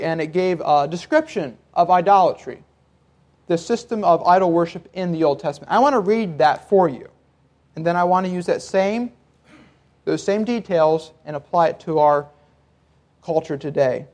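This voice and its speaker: A man with a notably high voice delivers a sermon to a congregation. He preaches in a relaxed, conversational way, explaining and joking as he goes. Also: moderate pace. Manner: conversational preaching with occasional laughs. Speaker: pastor.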